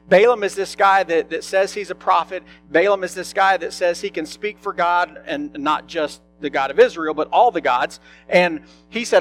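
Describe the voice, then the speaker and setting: A man's voice: sits high, normal speed, a bit bright, faint music behind. Conversational male pastor preaching. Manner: conversational, asks the congregation questions. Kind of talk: sermon.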